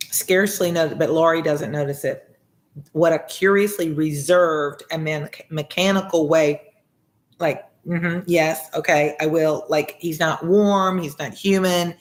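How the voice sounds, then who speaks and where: A tutor reading a classic novel aloud and breaking off for casual explanations, with frequent fillers. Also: medium pitch. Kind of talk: read-along with commentary.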